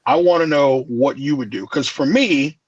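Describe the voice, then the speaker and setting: A man co-hosting a podcast, chatting casually about wrestling in an animated, storytelling way. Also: on the high side, normal speed, breathy edge, no echo. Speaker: podcast co-host. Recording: dull, dry lo-fi mic.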